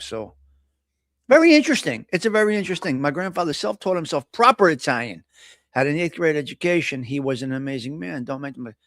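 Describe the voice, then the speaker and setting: Animated chatty man. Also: fairly high pitch, no echo, studio quality. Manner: chatty, animated storyteller with restarts. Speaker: host of a live coffee talk show. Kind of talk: casual live-stream chat.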